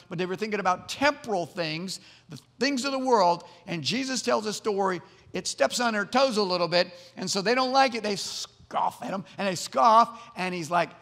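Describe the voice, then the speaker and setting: A man's voice: sits high, gravelly, fairly bright tone, long reverb tail. A man preaching a sermon as pastor, earnest, often repeating words as he builds to emphatic points. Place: church sanctuary.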